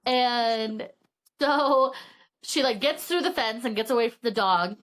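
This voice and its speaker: A woman with a high voice, co-hosting a casual book chat. She retells the plot in an animated way, slipping into quick voiced asides. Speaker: podcast co-host.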